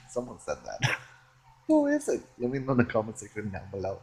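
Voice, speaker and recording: A man rambling in a solo vlog, playful and giggly, swinging between excited bursts and hushed musing. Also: mid-range voice, normal speed, breathy edge. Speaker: vlogger.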